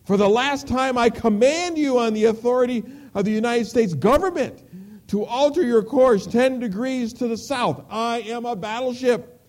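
A man's voice: very high voice, lively intonation, unhurried, dark tone, voice pushed up, heavily acted. A man voicing a stern male ship captain who barks orders over the radio. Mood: angry. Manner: barking orders, raised and insistent.

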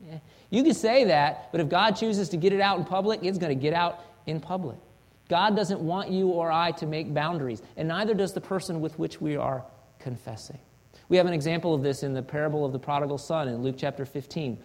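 A man's voice: on the high side, fairly quick. A man preaching a sermon in an earnest manner, asking rhetorical questions and acting out example confessions. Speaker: pastor.

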